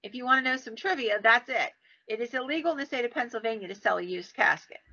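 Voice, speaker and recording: Bright, animated woman telling ghost stories. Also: fast. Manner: animated, acts out quoted voices with big pitch jumps. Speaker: podcast host and storyteller. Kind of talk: casual storytelling. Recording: dull lo-fi sound.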